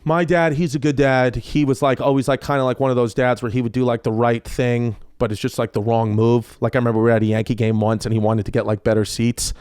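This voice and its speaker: A man in his thirties, a comedian guest on a podcast, telling stories in a casual, animated and profane way. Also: medium pitch, quick pace, few pauses, clear, resonant tone, no echo, clean studio sound. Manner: animated, profane, loose with fillers. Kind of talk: casual storytelling.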